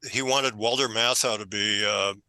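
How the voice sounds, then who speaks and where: An older man speaking as an interview guest, his voice low-pitched but very bright and forceful. He tells his stories in an animated, emphatic way. The sound is dry and close. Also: normal speed, clean tone, no room sound, low-quality recording. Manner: animated storytelling, emphatic when indignant. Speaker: author guest. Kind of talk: conversational interview.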